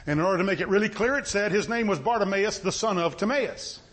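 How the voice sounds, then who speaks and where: A man's voice: sits high, animated, quick pace, fairly bright tone, slight background noise. A man preaching a sermon in a folksy style, asking his listeners questions again and again. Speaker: pastor.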